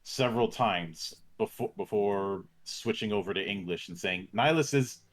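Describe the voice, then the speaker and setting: A man's voice: sits low, normal speed. A man narrating as game master for a tabletop game, often restarting his phrases and chuckling as he describes the scene.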